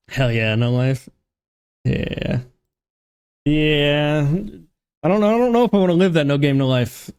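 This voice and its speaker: A man's voice: medium pitch, big pitch swings, unhurried, pauses often, a little mellow, clean tone. A man streaming a game live, chatting casually, joking, swearing and laughing at himself.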